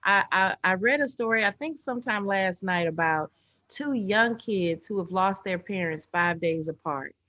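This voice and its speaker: A woman's voice: mid-range voice, normal speed. A middle-aged woman telling personal stories in a casual video chat, acting out the voices of the people she quotes. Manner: animated storyteller, acts out quoted voices. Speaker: guest. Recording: dull lo-fi online stream audio.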